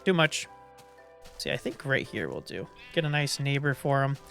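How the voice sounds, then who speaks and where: A man's voice: medium pitch, very animated, brisk, gravelly, fairly bright tone, faint music behind. A man thinking aloud in casual commentary as he builds in a block-building game, rambling and trailing off between ideas. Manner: rambling, thinks aloud while building, hums doop sounds. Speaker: gameplay commentator.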